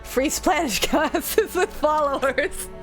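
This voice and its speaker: Giggly high-voiced woman streamer. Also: takes it slowly, faint music behind. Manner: giggly, chatty, laughs often. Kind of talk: casual livestream chat.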